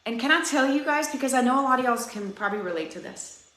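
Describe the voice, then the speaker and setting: A woman fitness coach in her thirties talks straight to her viewers in an earnest, chatty live-stream pep talk. Her voice sits a little high for a woman. The recording has a roomy, echoey sound. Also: lively intonation, fast, sharp tone. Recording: roomy echo.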